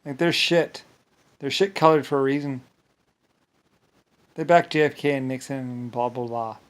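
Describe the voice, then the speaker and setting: A man's voice: mid-range voice, fairly even intonation, moderate pace. A man delivering a rambling, agitated monologue to the camera, full of profanity and stumbling restarts.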